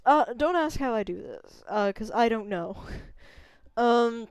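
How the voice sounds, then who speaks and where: A woman's voice: a little high, animated, slow pace, smooth, no echo. A young woman streamer chatting casually while she plays, rambling and unsure of herself as she tries out voices. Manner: rambling, self-doubting, trying out voices. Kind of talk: casual gameplay chat.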